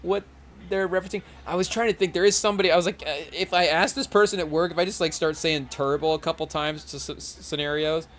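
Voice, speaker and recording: A man's voice: fairly high pitch, steady tone, quick pace, a bit bright. Rambling man saying "hey, yo" a lot. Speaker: podcast host. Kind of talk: casual chat watching a live game.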